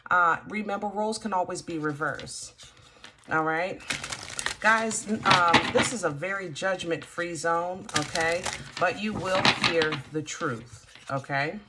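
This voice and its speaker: A woman's voice: on the low side, a little slow, very noisy. Chatty woman giving a tarot reading. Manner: chatty, emphatic, with many fillers. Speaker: tarot reader. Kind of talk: casual tarot reading to camera.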